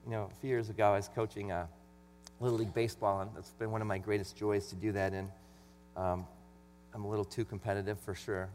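A man's voice: fairly low pitch, flat delivery, fast, a little mellow. A middle-aged man preaching a sermon in an earnest, conversational way. He reads scripture with extra emphasis. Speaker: pastor. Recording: long hall reverb with faint mains hum.

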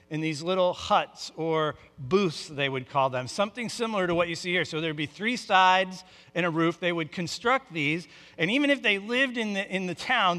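Male pastor, conversational sermon, bright tone, long hall reverb. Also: high voice. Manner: conversational teaching with restarts.

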